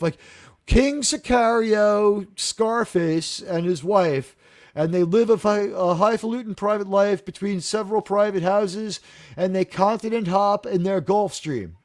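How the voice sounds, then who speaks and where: Animated man hosting a live show chat. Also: sits high, dry recording, studio quality. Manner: animated, acts out quotes in funny voices. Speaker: host of a TV review discussion. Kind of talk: casual chat, recapping an episode.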